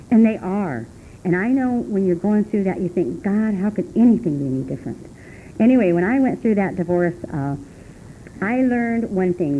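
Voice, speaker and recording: A middle-aged woman tells her story at a recovery meeting in a low, mellow voice. She rambles and restarts, then laughs and her pitch jumps up when something amuses her. The old tape carries a faint hum. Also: poor audio. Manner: rambling, earnest, halting with many restarts. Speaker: speaker sharing at a recovery meeting. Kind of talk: personal testimony talk. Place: meeting room.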